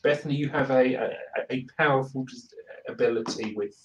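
A man's voice: medium pitch, normal speed, recorded from a distance, lo-fi sound. A British man with a wry, self-deprecating manner, chatting casually about his writing. His voice sits in an echoey room with a faint hiss behind it. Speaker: regular co-host. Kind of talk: casual chat among writers.

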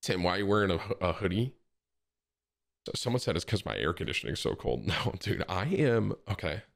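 A man's voice: deep voice, big pitch swings, a little fast, vocal fry. Joking streamer man saying bro. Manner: loud, joking, says bro a lot. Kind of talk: casual live-stream chat.

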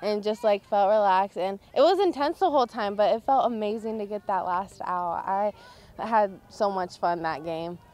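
Excited teenage girl, softball pitcher. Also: normal speed, slight background noise. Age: teens. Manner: excited, fillers like "like" and "honestly". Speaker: high school softball pitcher. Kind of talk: post-game interview.

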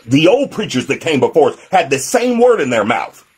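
A man's voice: mid-range voice, sing-song, brisk, a little mellow, breathy edge. A man preaching a sermon as pastor, emphatic, with a repetitive preaching cadence. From United States.

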